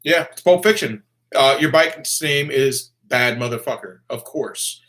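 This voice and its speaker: A man's voice: medium pitch, measured pace, fairly bright tone. A man with a Southern American accent, hosting a casual chat, reading viewer comments and joking with lots of profanity. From Florida.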